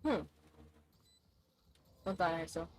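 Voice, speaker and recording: A woman's voice: fairly low pitch, expressive, drawn-out words. A young woman streaming a game, chatting casually, swearing, laughing and exclaiming as she plays.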